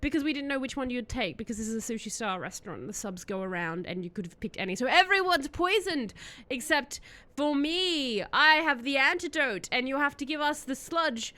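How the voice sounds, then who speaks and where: A woman's voice: sits high, expressive, fairly quick, sharp tone. A woman voicing a gloating male gangster villain with a smug manner.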